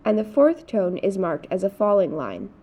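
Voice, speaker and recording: A woman's voice: mid-range voice, big pitch swings, moderate pace. A woman teaching a recorded Mandarin lesson, explaining patiently in scripted narration. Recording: dull lo-fi recording.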